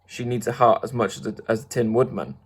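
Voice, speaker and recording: A man's voice: mid-range voice, fast talker, slight background noise, lightly acted. Man reading as scarecrow, matter-of-fact, plain, storybook. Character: straw scarecrow, plain-spoken.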